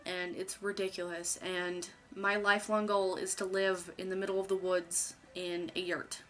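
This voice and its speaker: A woman's voice: on the low side, flat delivery, moderate pace, a bit bright. A young woman YouTuber talking casually to camera, chatty and rambling, candid and loose, swearing now and then.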